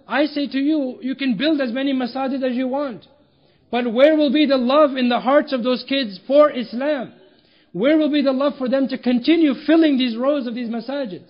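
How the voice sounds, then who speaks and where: A man preaching a sermon with emphatic rhetorical questions and storytelling. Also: high-pitched. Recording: dull lo-fi recording.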